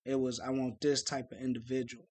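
A man co-hosting a podcast in casual chat, talking bluntly and profanely with animated storytelling. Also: medium pitch, brisk, dry recording. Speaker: podcast co-host.

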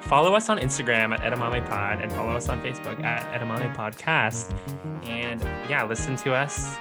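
A man's voice: medium pitch, brisk, over loud music. A young man co-hosting a podcast over a video call, chatty and giggly with lots of fillers. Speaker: podcast co-host. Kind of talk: casual chat.

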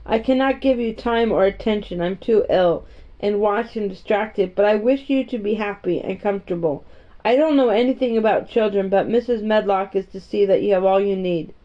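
A woman voicing a weary, melancholy gentleman guardian who speaks in a distracted, absent-minded way. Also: medium pitch, normal speed, natural voice. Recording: dull, muffled audio.

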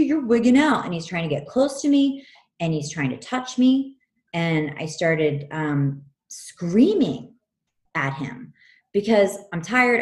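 Low-voiced woman telling a frank story. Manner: animated, frank, swears freely. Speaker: podcast co-host telling a personal story. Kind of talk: casual chat, storytelling. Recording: roomy echo.

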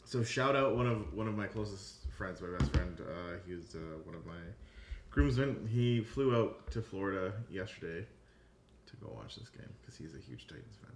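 Deep-voiced man hosting a podcast. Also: expressive, normal speed. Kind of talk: casual podcast chat. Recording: echoey room, faint background hum.

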